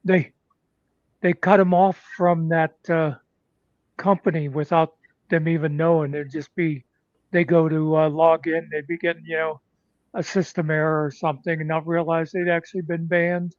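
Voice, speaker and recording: A man hosting a casual chat, telling stories in a rambling way with many pauses and fillers. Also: fairly high pitch, flat delivery, no echo, dull audio.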